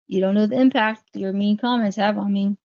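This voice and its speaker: A woman's voice: mid-range voice, steady tone, fairly quick, creaky, dry recording. A woman hosting a casual livestream, talking through her viewers' chat comments one by one. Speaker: livestream host. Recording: dry, dull lo-fi stream audio.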